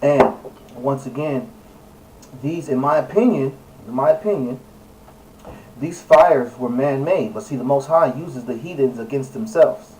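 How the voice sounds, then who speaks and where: A man with a mellow, warm voice gives a casual scripture talk, emphatic and preachy, often stopping to correct himself. He sounds set back from the microphone, with faint room noise underneath. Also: mid-range voice, a little slow, recorded from a distance, poor audio. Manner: preachy and emphatic, with frequent fillers and self-corrections. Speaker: religious video presenter. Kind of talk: casual scripture teaching while reading aloud and searching online.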